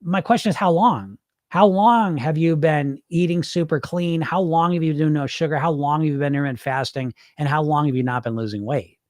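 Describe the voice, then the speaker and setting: Casting note: man, weight loss coach, fairly high voice, punchy conversational delivery, dry close mic. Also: fairly quick, dry recording. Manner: emphatic, conversational, with many rhetorical questions. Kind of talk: casual live Q&A coaching talk.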